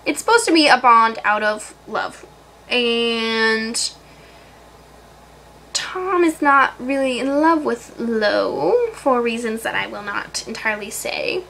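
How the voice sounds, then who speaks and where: Bright-voiced woman chatting scatterbrained. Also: a little high, takes it slowly, a little hiss or hum, rough recording. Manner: scatterbrained, many fillers and throat clearing. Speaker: novelist. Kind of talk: casual book chat.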